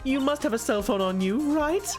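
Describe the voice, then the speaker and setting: A woman's voice: high-pitched, expressive, moderate pace, a little mellow, faint music behind. A woman voicing a brash, impatient older woman who scolds and orders people about. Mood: bossy. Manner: scolding, bossy.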